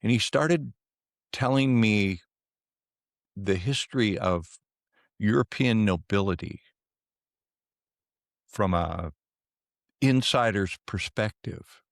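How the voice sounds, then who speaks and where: A man with a very low, gravelly voice talks as an interview guest. He tells his stories with energy and acts out the dialogue of the people in them. The sound is close and dry, with no room echo. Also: slow pace, long pauses. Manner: animated storyteller who acts out quoted dialogue. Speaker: podcast guest, remote viewer. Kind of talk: conversational storytelling.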